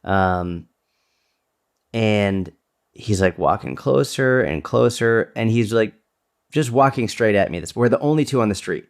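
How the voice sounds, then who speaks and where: A man co-hosting a podcast, telling a story in casual chat with lively, animated delivery. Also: measured pace. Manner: animated storyteller, jumps to a high bright voice when quoting greetings. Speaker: podcast co-host. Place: New York City resident at the time.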